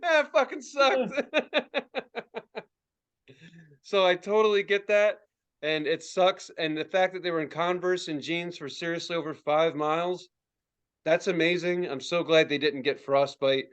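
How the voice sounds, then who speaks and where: A young adult man, a podcast co-host, telling a story in casual chat, swearing freely and acting out quotes in high yelps. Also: measured pace, clear, resonant tone. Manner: profane, animated, acts out quotes in high yelps.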